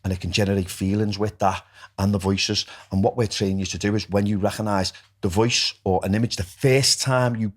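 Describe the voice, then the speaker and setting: A man's voice: on the low side, steady tone, fairly quick. A man, a recovery coach talking bluntly and swearing freely as a podcast guest. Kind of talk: podcast conversation.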